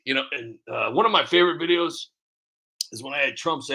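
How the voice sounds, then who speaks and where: A man hosting a casual livestream, rambling to viewers, reading their comments aloud and slipping into quick voice impressions. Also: mid-range voice, vocal fry, pushed and bright, raised voice. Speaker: livestream host.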